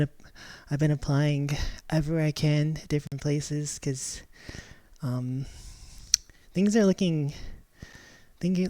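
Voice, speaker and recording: A woman's voice: low voice, warm tone, no room sound. A woman chatting casually on her live stream, rambling and giggling, often restarting her sentences.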